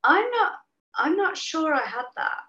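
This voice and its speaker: A woman from New Zealand, a podcast guest, telling stories in a lively way and laughing often. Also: high voice, measured pace. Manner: animated storyteller, laughs often. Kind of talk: casual chat. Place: home. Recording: roomy, dull remote audio.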